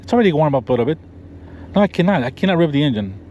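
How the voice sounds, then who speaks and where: A man's voice: fairly high pitch, very animated, racing, dark tone, muffled recording. A man presenting a car review vlog, walking around and sitting inside a pickup truck. He points out details with enthusiasm and rambles, often restarting his sentences. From Florida. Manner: enthusiastic, rambling show-and-tell with frequent restarts.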